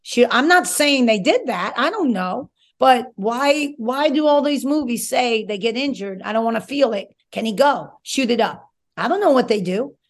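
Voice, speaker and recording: A woman's voice: fairly high pitch, expressive, moderate pace. A woman who coached in college, chatting casually and emphatically about sports on a talk show. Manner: conversational, emphatic, rambling asides. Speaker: former college coach, guest.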